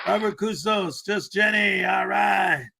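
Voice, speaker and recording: Man, high voice, playful, jokey, livestream host, crowd noise behind. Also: slow, gravelly. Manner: jokey, playful, shouts out viewers by name. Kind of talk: casual live-chat greetings.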